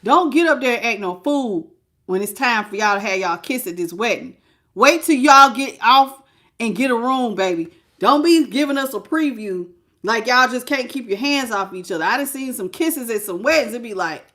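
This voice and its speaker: A middle-aged woman reading tarot on a live stream, animated and exclamatory, greeting her viewers by name. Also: sits high, moderate pace. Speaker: tarot reader.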